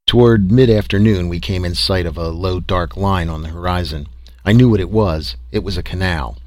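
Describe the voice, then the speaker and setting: A man narrating a story in an expressive, dramatic reading style. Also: sits low, moderate pace, no echo. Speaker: audiobook narrator.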